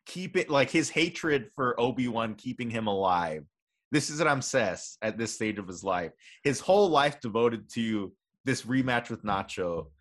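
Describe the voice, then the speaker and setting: A man's voice: medium pitch, fairly bright tone. A young man co-hosting a podcast, chatting casually and rambling through a made-up story. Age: young adult. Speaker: podcast co-host. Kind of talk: casual chat.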